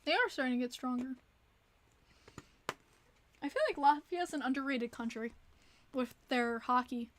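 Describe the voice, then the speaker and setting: A woman hosting a casual livestream, chatting and reacting to viewer messages with quick exclamations. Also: high voice. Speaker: livestream host.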